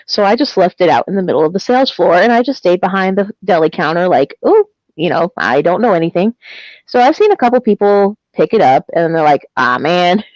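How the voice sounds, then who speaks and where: A woman's voice: medium pitch, dry recording, dull audio. A woman telling a funny story in casual chat, laughing often as she goes. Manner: giggly, animated storyteller. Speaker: guest.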